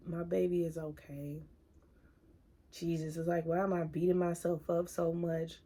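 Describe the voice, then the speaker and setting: A woman in her thirties talking openly in a personal vlog, earnest and halting, at times giving direct advice to viewers. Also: lowish voice, gravelly. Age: 30s. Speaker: single mom vlogger.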